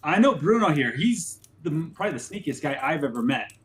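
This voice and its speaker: A man's voice: fairly high pitch, sing-song, a little fast, a bit bright, echoey room, slight background noise. A man playing a tabletop role-playing game in character, stammering and flustered, with lots of restarts. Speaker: player.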